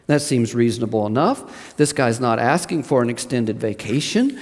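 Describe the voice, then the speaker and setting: In a mid-range voice with lively intonation and a moderate pace, a middle-aged man preaches a sermon in his role as seminary president. He takes a folksy, conversational storytelling approach with asides to listeners, and the audio has long hall reverb.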